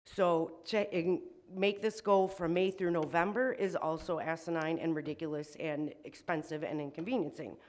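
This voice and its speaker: A woman's voice: deep voice, fairly even intonation, normal speed, few pauses, a little mellow. Woman resident, emotional and shaky, exasperated public comment at a council meeting. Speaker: resident speaking at public hearing. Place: city council meeting room.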